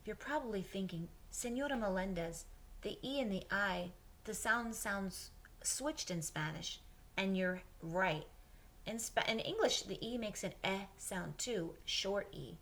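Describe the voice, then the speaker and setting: A woman teaching Spanish to children, patiently saying words and pausing for her class to repeat them, mixing English and Spanish. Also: medium pitch, animated, fairly bright tone. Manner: patient, pauses for repetition. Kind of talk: slow drill lesson for children.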